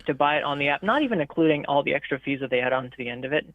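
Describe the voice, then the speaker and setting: A man's voice: fairly high pitch, racing, a crowd in the background. A man from St. Louis chatting casually, rambling with lots of fillers. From St. Louis, USA. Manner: rambling, filler-heavy, many "like"s. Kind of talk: casual chat. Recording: tinny phone-like call audio.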